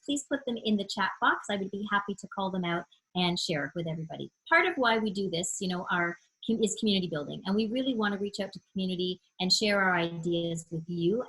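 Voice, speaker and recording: Husky-voiced woman teaching a parent webinar. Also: medium pitch, a bit bright, rough recording. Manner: friendly, explanatory, stretches words out slowly to demonstrate sounds. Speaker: literacy educator leading a webinar.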